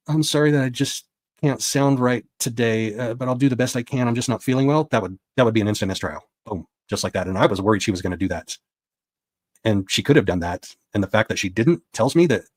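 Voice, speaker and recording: A man's voice: lowish voice, dry recording. A man giving a casual spoken recap of a court session as a reporter, retelling what was said with quoted dialogue.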